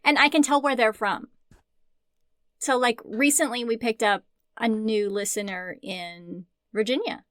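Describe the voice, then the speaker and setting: A woman's voice: a little high, measured pace, a bit bright, no room sound. A woman co-hosting a casual book podcast, chatty and joking, laughing often and swearing now and then. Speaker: podcast co-host.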